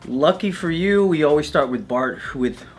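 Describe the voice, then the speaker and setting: A man's voice: fairly high pitch, animated, moderate pace, a little hiss or hum. A man hosting a casual panel chat show, playful as he leads the questions. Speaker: host.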